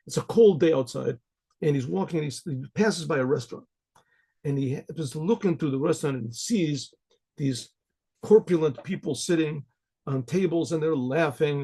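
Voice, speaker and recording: A man, a rabbi, telling a folk tale in a loose, rambling way, repeating words and often clearing his throat. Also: medium pitch, warm tone. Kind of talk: storytelling to an audience.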